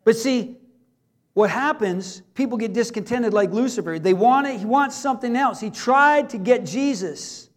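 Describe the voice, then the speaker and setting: High-voiced man preaching, loud then hushed. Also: moderate pace. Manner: swings between emphatic raised delivery and hushed, quiet passages; folksy, joking asides to the congregation. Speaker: pastor. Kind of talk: sermon.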